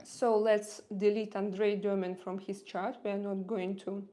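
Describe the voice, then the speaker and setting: Hesitant woman host, Russian accent, unhurried livestream chatter. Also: medium pitch, flat delivery, warm tone. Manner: hesitant, many fillers, searching for words. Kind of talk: casual livestream chat with viewers.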